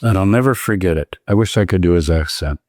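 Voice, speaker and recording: Deep-voiced and fast-talking, this seventies-aged scholar appears as a guest in an indoor, face-to-face conversation, recorded at studio quality with no room sound. He tells lively anecdotes and voices the people he quotes in asides.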